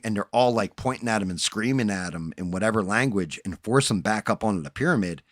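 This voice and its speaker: Man, host, casual chat, profane storyteller, low voice, dry close sound. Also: lively intonation, a little fast, a bit bright, no room sound. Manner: loose, profane storytelling that acts out characters' lines. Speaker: podcast host. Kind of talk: casual chat, retelling horror movies.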